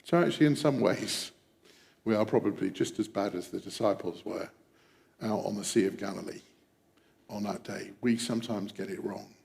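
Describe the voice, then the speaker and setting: Reflective male preacher, hushed at times. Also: on the low side, moderate pace, vocal fry, long reverb tail. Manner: reflective, dropping to a hush on quoted prayers. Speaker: pastor. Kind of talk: sermon.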